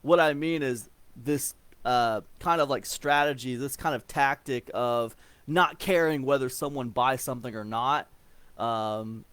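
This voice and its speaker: An Ohio man in his forties rambles casually about email marketing, his medium-pitched, smooth, slightly bright voice moving a little slowly and full of fillers, repeated words, and restarts. It's relaxed explanatory talk, recorded without echo.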